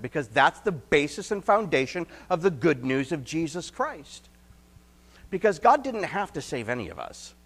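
A male pastor preaching an expository sermon, telling stories and acting out quotes, then dropping to quiet emphasis. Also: a little high. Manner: animated storyteller, acts out quotes, drops to quiet emphasis.

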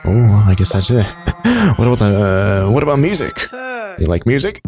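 A man giving excitable gameplay commentary, reacting loudly and laughing often. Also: on the low side, normal speed. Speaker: let's play gamer. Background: game music.

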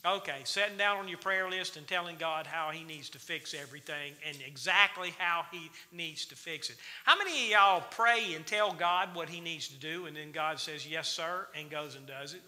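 Speaking at normal speed with few pauses, a man with a fairly high, bright and forceful voice runs a Wednesday night Bible study. He's folksy and keeps quizzing the congregation, his words echoing through the reverberant church sanctuary.

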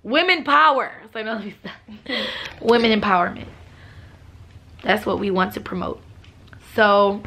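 Young woman, casual vlog chat, husky morning voice, coughing, laughs a lot. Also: medium pitch, measured pace, long pauses, a little hiss or hum. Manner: relaxed, chatty, laughs often. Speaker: vlogger. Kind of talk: casual vlog talk to viewers.

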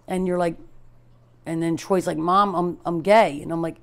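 A middle-aged woman, a performer's mother, speaking hesitantly in a documentary interview, with frequent pauses and retold dialogue. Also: fairly low pitch, fairly bright tone.

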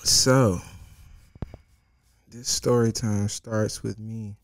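A young man hosting a comedic story time, animated and profane, jumping from loud outbursts to hushed asides. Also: on the low side, normal speed. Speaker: host.

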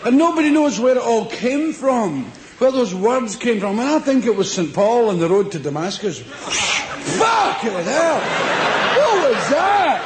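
A man's voice: very high voice, expressive, normal speed, hardly any pauses, background noise. A middle-aged Scottish man performing live stand-up comedy in a large theatre, boisterous and swearing freely as he acts out little scenes. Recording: echoey live stage recording with crowd. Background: audience laughter.

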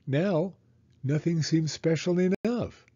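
A man reading a children's storybook aloud in an expressive, animated way. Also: fairly high pitch, takes it slowly, breathy edge, highs cut off. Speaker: children's book reader.

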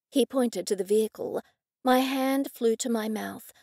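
A woman reading a first-person audiobook in a lively, expressive way. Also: fairly high pitch, unhurried, gravelly, dry recording, clean studio sound. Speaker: audiobook narrator.

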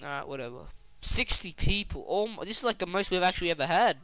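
A man's voice: sits high, expressive, fast talker, bright, forceful tone, smooth, no echo, poor audio. A young man streaming a game, joking crudely, swearing and laughing through casual banter. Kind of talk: casual gaming stream chat.

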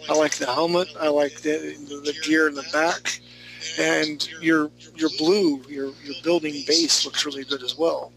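A tired drawing instructor teaches a live online class, critiquing student work with teasing banter and yawning between remarks. His gravelly voice sits on the high side with little pitch movement and a slightly slow pace, heard over music in noisy live stream audio.

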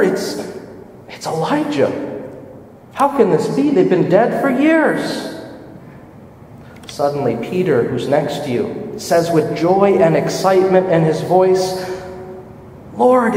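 A man leading a guided scripture meditation, speaking slowly and vividly and asking listeners to picture the scene. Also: mid-range voice. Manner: slow, imaginative, rising excitement at the climax. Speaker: meditation leader. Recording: very echoey hall, voice from far off, faint hiss.

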